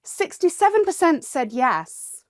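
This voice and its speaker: A woman talking as a guest on a podcast in a chatty, expressive way, laughing often. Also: high-pitched, unhurried, dry recording, clean studio sound. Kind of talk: casual chat.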